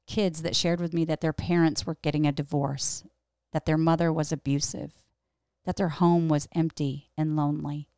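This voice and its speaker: A middle-aged woman tells a personal story in a low, gravelly voice, reflective and candid. Her words come out earnest and unhurried, like a host talking straight to her listeners. The sound is close and dry. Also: level tone, mellow, no room sound. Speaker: podcast host and Bible teacher.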